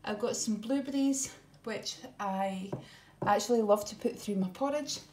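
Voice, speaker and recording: Her voice sits in the middle range, a little mellow, and she speaks a touch slowly. She's a middle-aged woman vlogging a casual grocery haul, homely and full of ums, a bit out of breath. The recording has echo and faint noise.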